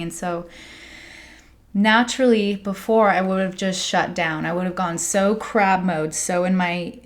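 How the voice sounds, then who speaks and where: A young American woman, a spiritual coach, talking in a candid, rambling monologue full of "like" and soft laughs. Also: lowish voice, steady tone, measured pace. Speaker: spiritual coach and podcast host. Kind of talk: casual confessional monologue.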